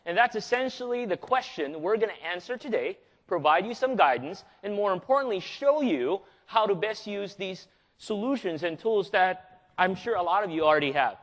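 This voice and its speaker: A man from the Philippines giving a live conference presentation, energetic and joking, often throwing questions at the audience. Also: high voice, normal speed. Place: large conference hall. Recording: long reverb of a large hall.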